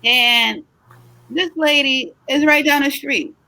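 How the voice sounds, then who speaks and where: A woman's voice: high-pitched, dry recording. Woman host, middle-aged, chatty and upbeat, tired, dry close sound, casual live chat. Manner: chatty, animated, encouraging, drawn-out emphatic words. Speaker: host, travel agency owner.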